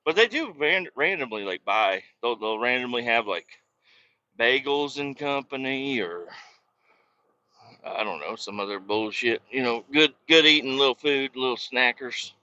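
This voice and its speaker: Bright-voiced man rambling profanely. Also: medium pitch, lively intonation, unhurried, no echo, highs cut off. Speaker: podcast host. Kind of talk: casual rambling chat. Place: inside a work truck cab.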